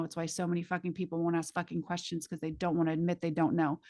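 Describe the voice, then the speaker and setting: A woman's voice: fairly low pitch, flat delivery, fast, few pauses, a little mellow. A woman facilitator teaching a live class in a casual, emphatic way, swearing freely and speaking straight to her students through vivid images.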